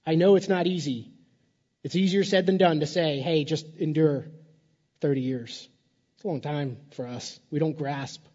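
A man's voice: fairly high pitch, normal speed, warm tone, big-room sound. Conversational male preacher, muffled sound. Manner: conversational, repeats words, playful asides. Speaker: pastor. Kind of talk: sermon.

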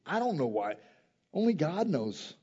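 Male preacher, fairly high and warm voice, quiet-to-emphatic sermon delivery, questions to the congregation, slightly muffled recording. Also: big pitch swings, a little slow, husky. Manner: swings between quiet reflective passages and loud emphatic rises; asks the listeners direct questions.

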